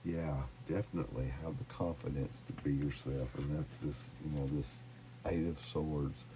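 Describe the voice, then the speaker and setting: A man giving a casual, encouraging tarot reading, gently reading card messages aloud. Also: a bass voice, fairly even intonation, moderate pace, background noise. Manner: gentle, encouraging, reads cards aloud with laughs. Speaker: tarot reader.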